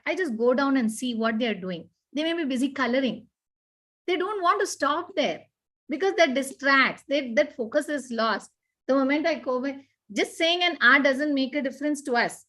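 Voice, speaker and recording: A woman talks through parenting advice in a conversation. She is earnest and animated, often acting out what parents and children say. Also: high-pitched, normal speed. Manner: earnest, repetitive, animated explaining with acted-out examples. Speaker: parenting expert guest.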